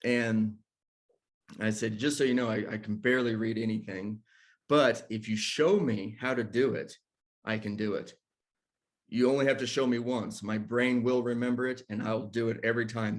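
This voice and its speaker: A man casually telling a personal story, acting out what people said and laughing between lines. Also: fairly low pitch. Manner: animated storyteller who acts out quotes and laughs between lines. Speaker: ministry discussion guest telling a personal story.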